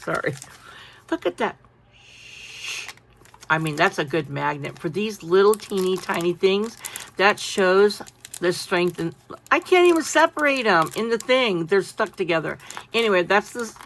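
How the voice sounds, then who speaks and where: A woman chatting casually through a craft-supply haul, animated and full of asides. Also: mid-range voice, a little slow, pauses often, a little hiss or hum. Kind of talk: casual show-and-tell haul.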